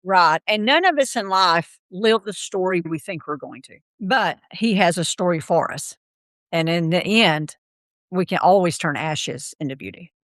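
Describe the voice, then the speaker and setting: In an interview on a podcast, a middle-aged guest tells her own story in a fairly low, unhurried voice, with no room sound. She brings the people in it to life, animatedly acting out what they said.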